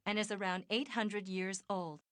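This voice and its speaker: Woman voicing a calm detective explaining facts. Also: mid-range voice, moderate pace, dry recording, clean studio sound, lightly acted. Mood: informative. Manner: calm, explanatory, fact-sharing. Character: level-headed female detective, former rookie, informative. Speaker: game character, detective partner. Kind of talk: video game voice acting.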